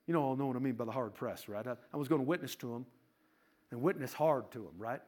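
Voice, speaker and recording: A man preaching, telling a personal story in an animated, conversational sermon style. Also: medium pitch, fast. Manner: animated storyteller, rising to laughing shouts. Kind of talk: sermon testimony.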